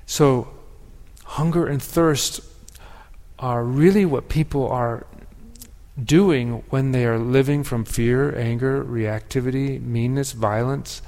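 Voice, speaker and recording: A man delivers a sermon in a reflective, measured way, pausing and restarting as he thinks aloud. His voice sits in a middle pitch, and a long reverb from the sanctuary trails each phrase. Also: dark tone. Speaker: pastor.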